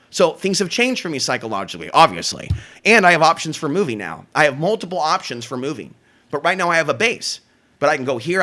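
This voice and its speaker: A man's voice: fairly high pitch, sharp tone. A man hosting his own talk show, delivering a profane, confrontational solo rant. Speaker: show host.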